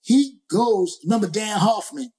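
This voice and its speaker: A male rapper as a guest, telling a story in a lively, slangy, profane way and acting out other people's lines. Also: high voice, a little slow, a little hiss or hum. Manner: slangy, profane, acts out quoted voices. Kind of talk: animated storytelling.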